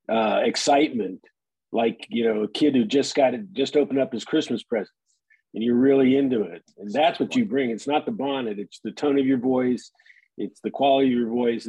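A man's voice: medium pitch, gravelly, dark tone, breathy edge, dry recording, poor audio. A man giving encouraging advice to a group member.

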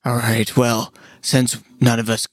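A man's voice: medium pitch, little pitch movement, slow pace, no echo. Give me a playful man as a tabletop player, recorded dry. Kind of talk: tabletop role-play.

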